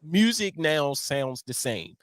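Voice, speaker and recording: A man's voice: on the high side, sing-song, dry recording. A man hosting a podcast, who asks questions and eggs on his guest with laughs and short replies. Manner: slow, encouraging interjections and laughs. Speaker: podcast host. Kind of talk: casual interview chat.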